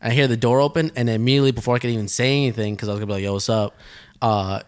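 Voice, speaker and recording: A young man co-hosting a podcast, telling a personal story in a rambling, animated way. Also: mid-range voice, very fast, clean tone. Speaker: podcast co-host. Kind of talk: casual storytelling.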